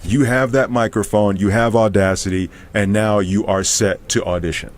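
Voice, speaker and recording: A man, a voice actor, chatting as a guest in an easygoing, unhurried way. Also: fairly low pitch, fairly even intonation. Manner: easygoing, drawn-out with fillers. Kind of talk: casual interview chat.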